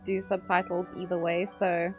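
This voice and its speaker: A woman's voice: lowish voice, level tone, normal speed, a little mellow, soft background music. A South African woman with a South African accent, livestreaming and chatting casually with her viewers, bubbly and giggly and greeting each chatter by name. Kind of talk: casual chat with stream viewers.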